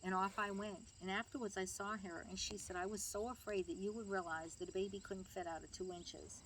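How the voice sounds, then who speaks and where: An older woman, a grandmother, recounts family stories in an interview, chatting, laughing and acting out the people she quotes. She talks a little fast at medium pitch in a steady, slightly bright tone, with a little hiss or hum present.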